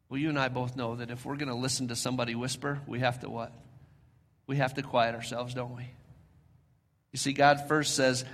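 A man preaching a sermon, his delivery swinging between loud emphatic peaks and soft, almost whispered drops, slowing down when he reads scripture. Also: mid-range voice, little pitch movement. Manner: slows down for scripture reading. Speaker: pastor. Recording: long hall reverb.

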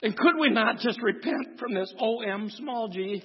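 A man's voice: extremely high pitch, unhurried, breathy edge. A man from Wisconsin, a pastor giving a sermon, folksy and humorous, telling stories and preaching with force. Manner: folksy, humorous storytelling, preaching with rising intensity. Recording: dull lo-fi recording with long hall reverb.

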